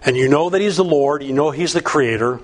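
A man's voice: a little high, fairly quick. A man preaching a sermon, reading scripture and breaking into folksy, conversational asides. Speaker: pastor.

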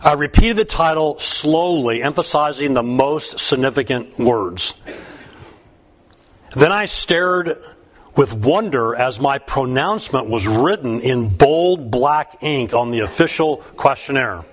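A man reading a humorous first-person story aloud, wry and even. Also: mid-range voice, a little slow. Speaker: narrator.

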